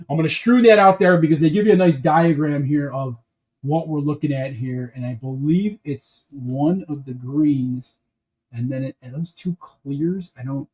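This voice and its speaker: Rambling man, mellow voice. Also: a little high, measured pace, rough recording. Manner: rambling, restarts sentences often. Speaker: building-set streamer. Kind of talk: casual livestream chat while building.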